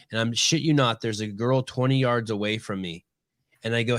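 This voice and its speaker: A middle-aged man hosting a podcast, telling stories in casual chat, swearing freely and getting animated. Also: mid-range voice, fairly quick, no echo, clean studio sound. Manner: profane storytelling, animated. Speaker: podcast host.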